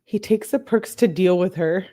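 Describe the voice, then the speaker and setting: Young woman, casual chatty commentator, quick to giggle. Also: on the low side, warm tone. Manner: giggly, chatty, jokes between readings. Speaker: true-crime commentator reading texts aloud. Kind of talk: casual commentary, reading texts.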